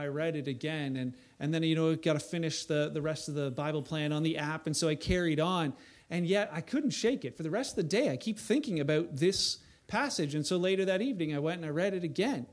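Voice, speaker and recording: A man preaching a sermon in a conversational way, building to loud emphatic bursts at times. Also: on the high side. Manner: conversational preaching, voice rising to near shouts for emphasis. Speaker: pastor.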